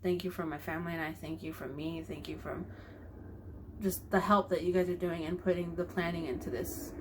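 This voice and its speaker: A woman's voice: on the low side, level tone, a little fast, slight background noise. A young woman talking in a personal video diary, emotional and grateful, rambling with fillers. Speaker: vlogger.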